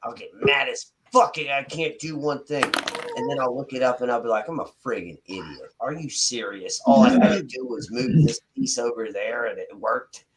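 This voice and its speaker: A man's voice: medium pitch, lively intonation, normal speed, background noise. A man hosting a casual live chat, reacting loosely with exclamations and casual swearing.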